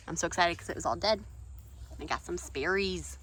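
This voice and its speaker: A woman's voice: brisk, a little hiss or hum. A woman, chatting casually on her home vlog about her chickens, garden and baking. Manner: chatty and animated, jumping up high when talking to animals and kids. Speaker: vlogger, mother of eight. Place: outdoors in a backyard chicken coop and kitchen.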